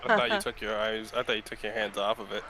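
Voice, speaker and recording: A man's voice: on the low side, big pitch swings, fast, crowd noise. A man playing in a tabletop game, chatting casually and bluntly with the group. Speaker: tabletop player.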